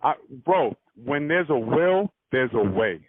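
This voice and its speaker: A man's voice: medium pitch, sing-song, unhurried, slightly rough. A man in casual chat who talks earnestly and devotedly about love. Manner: earnest, devoted, keeps saying "you know what I'm saying". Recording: tinny phone-like audio.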